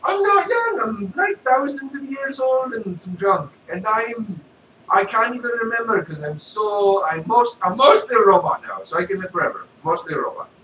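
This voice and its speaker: A man voicing Darth Vader as a loud, bragging, clumsy half-robot villain. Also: sits high, big pitch swings, moderate pace, roomy sound, distant mic, a little hiss or hum, voice pushed up, exaggerated voice, low-quality recording. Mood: insistent.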